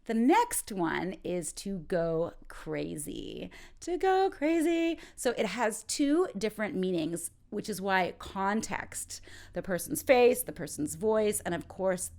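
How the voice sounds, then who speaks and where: A woman teaching informal English in a playful way, acting out short example dialogues. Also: mid-range voice. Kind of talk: informal ESL lesson.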